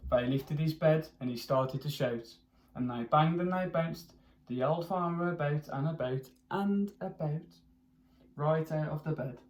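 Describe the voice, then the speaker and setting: A primary school teacher reads a picture book aloud to children, pausing to ask them questions and doing expressive character voices and animal noises. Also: medium pitch. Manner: pauses to ask young listeners questions.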